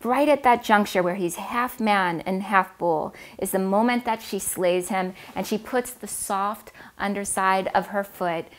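A woman telling an old myth aloud, with expressive, dramatic emphasis on key moments. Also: medium pitch, unhurried, few pauses. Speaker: storyteller. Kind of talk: oral myth storytelling.

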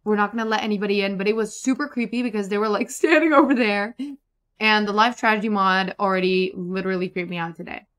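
A woman giving casual, chatty commentary over a life-simulation game, excitable and prone to repeating herself. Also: mid-range voice, fast. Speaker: gaming YouTuber. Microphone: desktop USB microphone.

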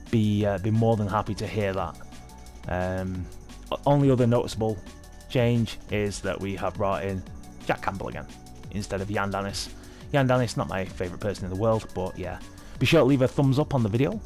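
A young man giving excitable, sweary live commentary over his own hockey video game match. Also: fairly low pitch. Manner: sweary, excitable, talking at the screen. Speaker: gaming video host.

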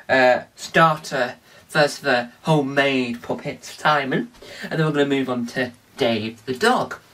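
A man's voice: mid-range voice, a bit bright, distant mic. A man hosting a casual tutorial vlog, rambling and restarting with many fillers. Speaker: video host.

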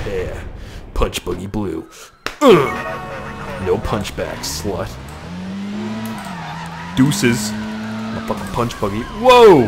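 A young man giving excitable, heavily profane, jokey running commentary while playing a driving game. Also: fairly low pitch, very slow, creaky, long pauses. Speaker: gaming video host. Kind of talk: let's-play commentary. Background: game music and car sounds.

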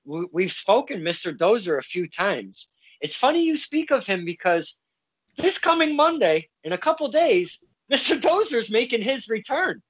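Guy hosting an interview, high voice, hesitant and polite, lots of restarts. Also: very animated, normal speed, fairly bright tone, husky, dry recording, low-quality recording. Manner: hesitant, stumbling, polite phrasing. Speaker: interview host. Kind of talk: casual interview chat.

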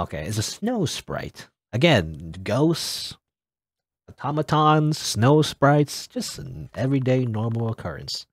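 Let's play dude reading game lines out loud, bouncy voice, cracking jokes in between. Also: male voice, medium pitch, big pitch swings, a little slow, slightly rough, no room sound, studio quality. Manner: joking asides between read-out lines. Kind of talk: casual game commentary, reading dialogue aloud.

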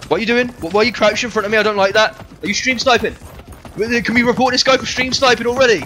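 A man's voice: very high-pitched, steady tone, fast, pushed and bright, slight background noise. A young man livestreaming a game, bantering with chat in a sweary, joking way. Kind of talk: live game streaming chat.

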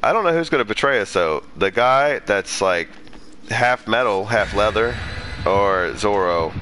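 A man doing casual live game commentary in a bright, forceful voice that swoops up and down a lot. He swears freely, bursts into loud indignant rants and drops back to low mutters, with a slow, unhurried delivery. The sound is dry and close. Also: animated, a little hiss or hum. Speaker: streamer.

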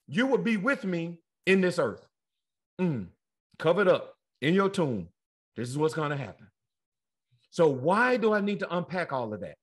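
A man teaching a Bible study, excitable and exclaiming, speaking directly to his listeners. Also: high voice.

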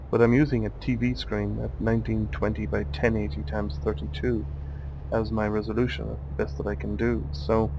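A man's voice: lowish voice, noisy background. A man, hosting a let's play with chatty, wry asides while he drives. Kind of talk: casual gameplay commentary.

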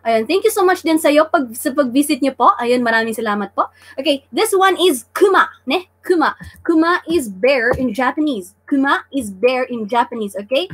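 A woman's voice: high voice, expressive, normal speed, fairly bright tone, husky. A woman from Davao City with a Filipino accent, teaching vocabulary on a casual live stream, repeating each word and teasing the chat playfully. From Davao City, Philippines. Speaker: livestream language teacher. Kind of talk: casual live-stream lesson mixing English and Tagalog.

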